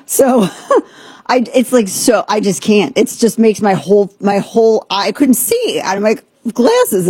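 A woman's voice: medium pitch, measured pace, slightly rough, dry recording. A woman hosting a radio talk show, rambling and joking through opinionated chat in a studio. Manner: rambling, joking, animated asides. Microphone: studio mic.

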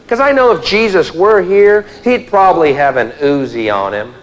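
A man's voice: high voice, expressive, unhurried, hardly any pauses, low-quality recording. A male stand-up comedian with a wry, conversational delivery, performing live. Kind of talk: stand-up routine. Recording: live show with crowd laughter.

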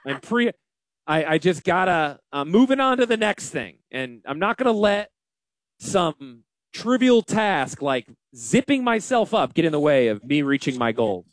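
A man hosting a casual financial radio show, talking in an animated, joking and self-deprecating way. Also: fairly high pitch, a little slow, no room sound, studio quality. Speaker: financial advisor and radio host.

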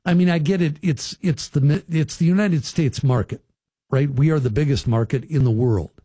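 A man hosting a talk radio show from a studio, chatting with listeners in a loose, folksy way. His voice sits on the darker, mellow side with a husky edge. The sound is close and dry. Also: fairly high pitch, moderate pace, no echo. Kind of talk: casual radio talk commentary.

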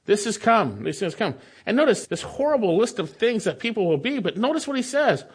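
A male pastor delivers an expository sermon in a somewhat high voice. He reads scripture aloud and then breaks in with quick rhetorical questions to his listeners.

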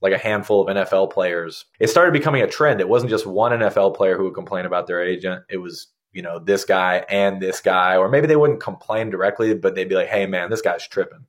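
A man in his thirties talks fast and easy, spinning his story as an interview guest. His voice sits a little low, and he keeps dropping a casual "man" into his sentences. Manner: laid-back, conversational, says "man" often.

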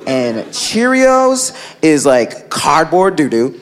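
A man's voice: a little high, sing-song, takes it slowly. A man doing a stand-up comedy set on a club stage, telling a story with lots of filler words and acting out his family's voices. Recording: live club with loud crowd and noise. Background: audience laughter.

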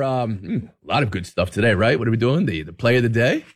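A man's voice: mid-range voice, quick pace, few pauses. A man hosting a sports radio talk show, bantering playfully with his crew. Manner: animated, playful, sing-song tongue twisters.

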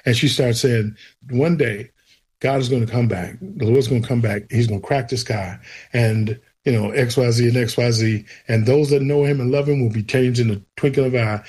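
A man with a husky, medium-pitched voice tells his faith testimony as an interview guest. He is an animated storyteller, acting out the voices of the people he quotes.

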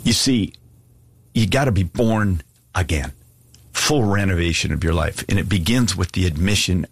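A man's voice: low-pitched, expressive, moderate pace, husky, no echo. A man preaching an earnest, pleading sermon and asking listeners to give their lives to Jesus. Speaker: pastor. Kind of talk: sermon altar call.

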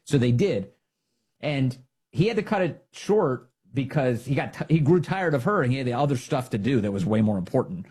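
Husky, sarcastic man with a lively voice. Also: medium pitch, normal speed. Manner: sarcastic, mocking, indignant. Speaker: political commentary host. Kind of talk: opinionated political commentary.

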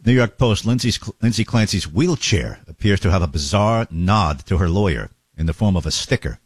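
A deep, husky male radio host, rambling through wry asides with lively swings in his pitch. The mic is close and dry, with no room sound at all. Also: moderate pace, dry recording. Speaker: radio talk show host. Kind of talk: casual talk radio chat.

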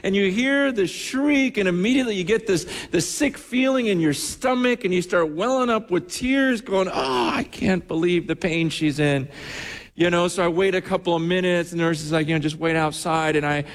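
A man's voice: sits high, fairly quick, hardly any pauses. A man preaching in a reverberant hall. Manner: animated storytelling with many restarts. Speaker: pastor. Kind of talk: sermon.

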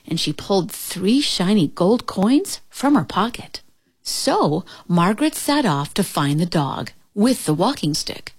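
A woman reading a children's storybook aloud in an expressive, lively manner. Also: medium pitch, unhurried, slightly rough, no room sound, studio quality.

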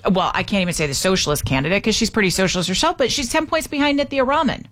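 A woman hosting a talk radio show, opinionated and animated, with sarcastic asides. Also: medium pitch, very fast. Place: radio studio.

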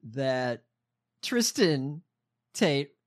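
Slow, hesitant man presenting news stories. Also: medium pitch, sing-song. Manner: hesitant, many ums and uhs, dry asides. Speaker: podcast co-host presenting stories. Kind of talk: casual news chat.

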